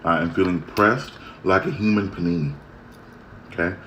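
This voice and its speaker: A man talking straight to the camera in a casual vlog, venting his annoyance in a heated, repetitive way that swings from loud to quiet. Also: low-pitched, normal speed, a little hiss or hum, poor audio. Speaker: vlogger. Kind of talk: casual ranting monologue.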